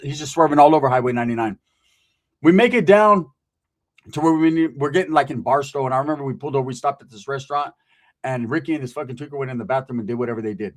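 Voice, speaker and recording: Fast-talking, profane man telling stories. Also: mid-range voice. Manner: profane, streetwise, animated character voices. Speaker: comedian. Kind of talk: stand-up storytelling.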